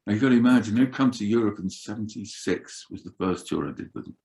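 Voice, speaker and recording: An older man telling roadie stories in an animated, swearing way as an interview guest. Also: on the low side, fast, creaky. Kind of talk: casual storytelling.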